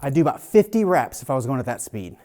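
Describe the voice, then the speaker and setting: A man's voice: mid-range voice, sing-song, quick pace, noisy background. A man who works as a personal trainer, coaching a workout in a casual, blunt way and swearing freely.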